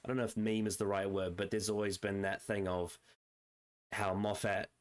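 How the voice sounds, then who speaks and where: Podcast co-host: man with a lowish voice, casual, analytical, rambling with restarts. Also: little pitch movement, moderate pace. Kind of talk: casual chat.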